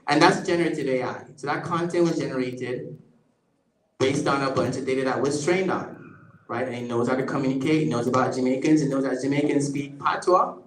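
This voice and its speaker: A man's voice: mid-range voice, fairly quick. A man giving a conversational public lecture with a live demo, often checking in with the audience. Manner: conversational, keeps checking in with "right?". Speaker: guest lecturer. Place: event space at a museum. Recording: echoey lecture room.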